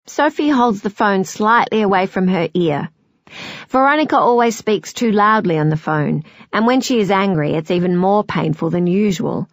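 A woman narrating a novel in a measured, expressive storytelling voice. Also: medium pitch, no echo, clean studio sound. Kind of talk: scripted audiobook narration.

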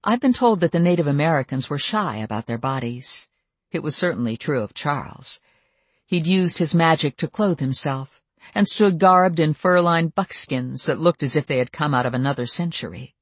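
Audiobook narrator, mid-pitched, steady storytelling, dry close recording. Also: moderate pace, no echo.

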